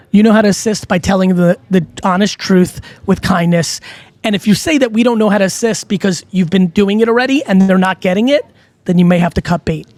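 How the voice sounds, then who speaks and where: A man's voice: high-pitched, darkish tone, no room sound. Blunt, profane middle-aged man. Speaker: host. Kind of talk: casual advice talk.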